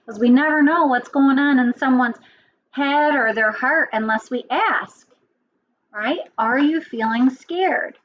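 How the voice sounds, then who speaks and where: Slow gentle woman teacher. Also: sits high, lo-fi sound, slight background noise. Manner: gentle, asks children questions often. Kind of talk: children's lesson and storybook reading.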